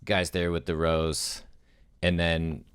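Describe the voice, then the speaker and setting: A man's voice: low voice, little pitch movement, slow, clear, resonant tone, dry recording, clean studio sound. A man in a casual brainstorming chat, laid-back and agreeable, sketching camera shots. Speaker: co-host writing a musical.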